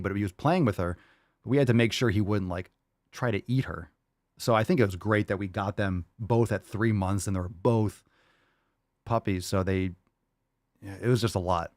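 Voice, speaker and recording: Man, podcast host, lowish voice, casual chat, swears, laughs a lot, dry close mic. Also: normal speed, darkish tone, no echo. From Florida. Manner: loose and chatty, laughs often, swears casually.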